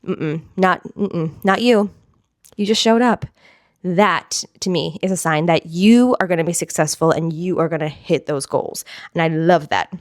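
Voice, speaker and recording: A woman's voice: on the low side, a little slow, no echo, studio quality. A young adult woman, a fitness instructor, talking casually and upbeat to camera, giggling and repeating phrases for emphasis. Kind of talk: casual motivational talk to camera.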